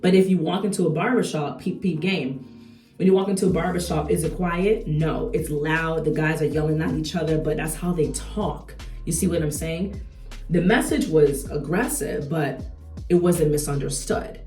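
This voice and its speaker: Chatty low-voiced woman with a slangy manner. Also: normal speed, roomy sound, recorded from a distance, faint music behind. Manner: chatty, conversational, frequent rhetorical asides; slangy and animated. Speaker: beauty vlogger. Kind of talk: casual chat while doing makeup.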